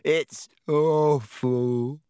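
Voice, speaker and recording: A man's voice: fairly high pitch, fairly even intonation, dark tone, smooth, no room sound, studio quality, pitched above the performer's own voice. A man doing a gloating ghost girl. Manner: slow, gloating drawl. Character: gleeful girl ghost, mocking and drawn-out.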